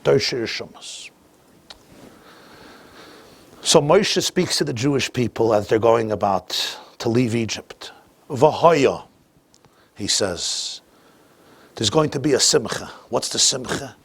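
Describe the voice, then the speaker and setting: A man teaching a class as a rabbi, telling a story sprinkled with Yiddish and Hebrew phrases and swinging between quiet asides and loud emphatic bursts. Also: mid-range voice, lively intonation, a little slow, vocal fry, slightly rough, no room sound.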